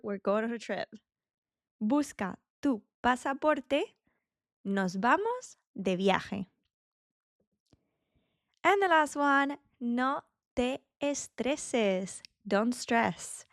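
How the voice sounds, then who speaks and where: A woman teaching beginner Spanish, saying each phrase slowly and carefully and repeating it as a drill. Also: a little high, no echo, studio quality. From Spain. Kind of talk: beginner language lesson.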